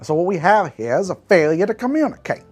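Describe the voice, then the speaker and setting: A stern middle-aged prison captain speaks in a slow American Southern drawl, each phrase weighted with threat. His pitch swings widely as he lectures. A man puts him on. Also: very animated, darkish tone, faint music behind. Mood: menacing.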